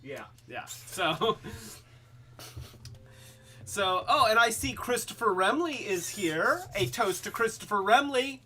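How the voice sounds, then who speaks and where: A man hosting a casual toy live stream, rambling and halting, with many restarts and fillers, and calling himself by a nickname in the third person. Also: sits high, very animated, pushed and bright. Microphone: webcam.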